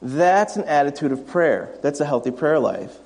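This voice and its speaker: A man delivers a sermon in a relaxed, conversational way, slipping into quick impressions of his family. His voice sits fairly high for a man. The sound carries a long reverb from the church hall. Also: creaky. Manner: conversational, acts out family anecdotes. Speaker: pastor. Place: church sanctuary.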